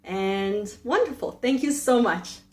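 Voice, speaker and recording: A woman, a meditation teacher, talks casually to her viewers with a gentle manner, laughing often and slowing down on key words. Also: on the high side, animated. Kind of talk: casual talk to camera. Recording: roomy echo.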